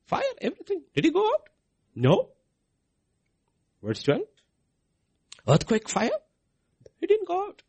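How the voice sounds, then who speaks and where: A man's voice: lowish voice, a little mellow, slightly rough. A man preaching a sermon, asking his listeners questions and answering them himself.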